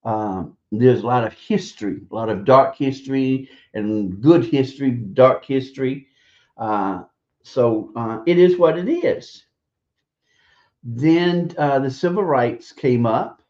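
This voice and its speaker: A man in a mid-range voice delivers blunt, scornful radio commentary, cursing freely and pausing often as he gathers his thoughts. The stream audio is dull and lo-fi. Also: medium pitch, animated, a little mellow. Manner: hesitant, halting delivery with drawn-out pauses. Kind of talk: opinion commentary.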